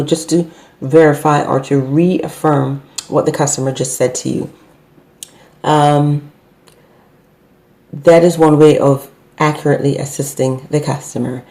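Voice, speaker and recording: A woman's voice: low voice, mellow. A middle-aged woman and business owner, teaching customer service in an unscripted talk, hesitant with many fillers and self-corrections.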